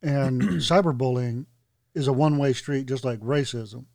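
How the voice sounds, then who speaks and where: A man's voice: medium pitch, moderate pace, vocal fry, a little mellow, no echo, studio quality. A man on a casual podcast giving blunt, opinionated comments.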